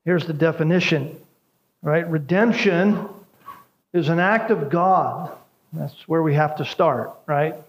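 A man's voice: fairly high pitch, takes it slowly, poor audio. A man preaching a sermon, explaining a word by repeating key phrases and asking "right?" to his listeners. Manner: emphatic teaching, repeats key phrases with tag questions. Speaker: pastor.

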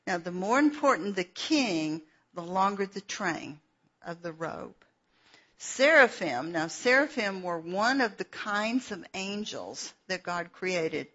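A woman teaching a sermon, reading Bible verses and stopping to explain them in an unhurried, earnest way, with fillers. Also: fairly low pitch, expressive, fairly bright tone, breathy edge. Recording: dull lo-fi recording.

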